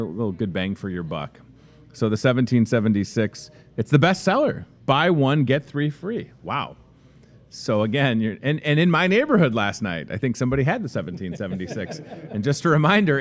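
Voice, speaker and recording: A man hosts a casual store show from inside a grocery store's restaurant. He talks in a chatty, folksy, upbeat way, and his pitch sits in the middle range. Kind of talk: casual store announcements and interview.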